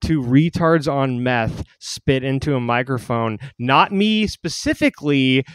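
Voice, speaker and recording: A man co-hosting a crude comedy podcast, talking loudly and breaking into shouted silly voices. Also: medium pitch, a little slow, clear, resonant tone, dry recording. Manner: loud, animated, jumps into shouted silly voices. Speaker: podcast co-host.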